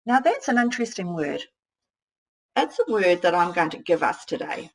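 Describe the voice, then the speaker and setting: Breathy teacher. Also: female voice, fairly low pitch, sing-song, rough recording. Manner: slow, sounding out words, thinking aloud. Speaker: primary school teacher. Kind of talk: modeling writing for young children.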